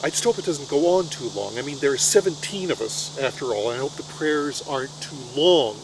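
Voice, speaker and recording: A man's voice: a little high, lively intonation, a little fast, noisy background. A middle-aged man performing a comic storytelling monologue in a wry, anxious, self-mocking way.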